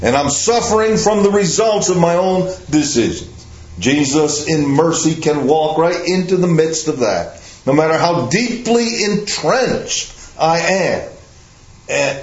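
A man preaching a sermon in a slow, emphatic way, putting questions to his listeners. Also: on the high side. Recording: echoey room, slightly dull sound.

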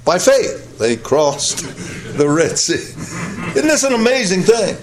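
A man preaching from the pulpit in an unhurried, deliberate cadence. His voice sits high for a man and rises to loud peaks, then sinks to hushed lows. He drives each point home through repetition. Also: sing-song. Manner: emphatic, repeats phrases for weight; dramatic swings between loud high peaks and low quiet drops. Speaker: pastor. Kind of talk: sermon.

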